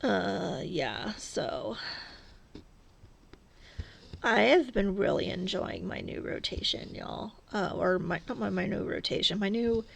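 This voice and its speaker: A woman's voice: mid-range voice, animated, slow pace, gravelly, breathy edge. A woman vlogging casually as she cross-stitches, rambling and chatty, often laughing at herself. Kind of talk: casual stitch-along chat.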